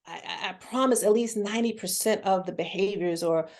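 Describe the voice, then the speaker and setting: A woman's voice: mid-range voice, a little fast, darkish tone. Candid woman therapist talking casually. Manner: candid, earnest, folksy, with repeated restarts. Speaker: children's therapist, guest. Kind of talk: casual conversational interview.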